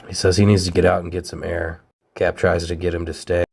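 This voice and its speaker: A man with a very low voice walks through a comic issue in a relaxed, plainspoken way. He summarizes the panels casually and adds his own asides. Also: a little fast, creaky, husky. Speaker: comic reviewer.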